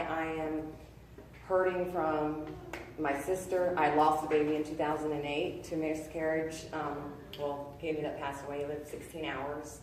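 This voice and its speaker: A woman in her thirties giving a personal testimony, earnest and halting, full of fillers and restarts. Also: low voice, slight background noise. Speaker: testimony speaker. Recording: echoey room, voice from a distance.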